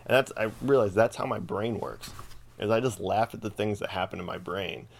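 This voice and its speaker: A man with a low voice hosts a podcast and rambles through a casual comedic rant. He swears freely and keeps amusing himself as he talks. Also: a little fast, creaky, slight background noise. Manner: profane, rambling, self-amused. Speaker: podcast host.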